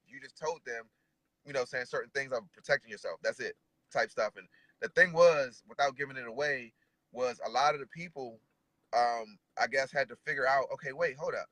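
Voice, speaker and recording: Male guest, relaxed trainer, bright forward tone, dry close sound. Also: mid-range voice, brisk, no echo, poor audio. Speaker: guest dog trainer and decoy. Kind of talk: casual conversation.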